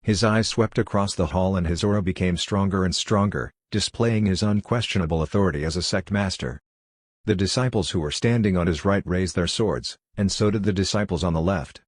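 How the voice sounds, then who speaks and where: A man narrating a fantasy audiobook in a steady, even reading. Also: sits low, a little fast, dry recording, studio quality. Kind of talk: scripted narration.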